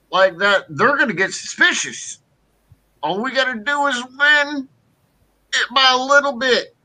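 A rambling old politician impression. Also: male voice, bright, forceful tone, heavily acted, rough recording. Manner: high, wavering, drawn-out delivery. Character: rambling elderly male politician, boastful. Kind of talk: comic impression read aloud.

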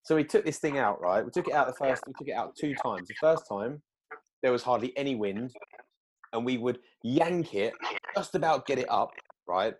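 A man telling a story in casual chat, animated, acting out quoted lines with big jumps in pitch. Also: moderate pace, a little hiss or hum.

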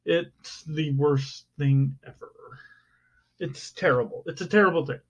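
A man's voice: on the high side, measured pace, breathy edge. A man in casual chat, airing comic complaints with exaggerated mock outrage. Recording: dull lo-fi sound.

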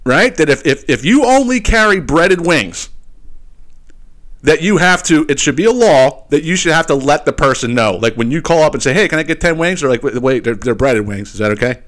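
A man hosting a podcast, telling a story as a casual comic rant, swearing often and keeping his listeners in with quick asides. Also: fairly high pitch. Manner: profane, animated, keeps asking "right?". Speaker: podcast host.

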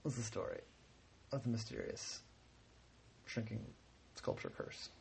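A soft-spoken man, a parent telling a bedtime story at home, relaxed and unhurried. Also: on the low side, creaky, slight background noise.

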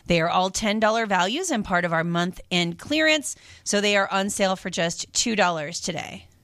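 A woman's voice: medium pitch, lively intonation, normal speed, a bit bright, no room sound. A woman hosting a radio shopping show, chatting casually and rambling between calls with lots of fillers, from a studio microphone.

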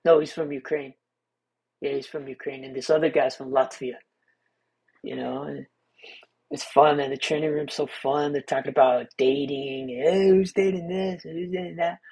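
Young man, podcast host, solo casual monologue, laid-back rambling, husky. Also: on the high side, animated, normal speed, pauses often, darkish tone. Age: young adult. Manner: rambling, laid-back, many restarts and fillers.

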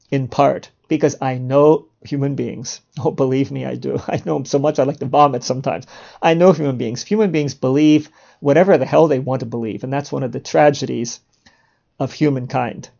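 A man's voice: medium pitch, gravelly, dark tone, muffled recording. A man hosting a podcast, delivering a provocative monologue in a sarcastic, mock-indignant way and chuckling at his own jokes. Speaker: podcast host.

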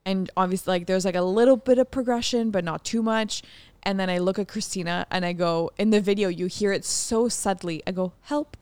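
A woman's voice: medium pitch, fairly quick, a little mellow, smooth, no echo. A young woman co-hosting a podcast, telling a personal story candidly, swearing freely and laughing often. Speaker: podcast co-host.

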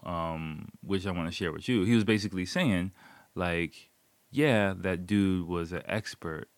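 A man's voice: low-pitched, no room sound. A man casually telling a story, rambling with lots of fillers and swearing. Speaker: vlogger.

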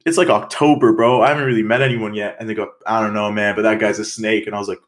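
A young man from Canada co-hosting a podcast, telling stories in casual, animated chat with swearing. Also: fairly low pitch, fast talker. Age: young adult. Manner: animated storytelling, swearing, quoting others. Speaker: podcast co-host.

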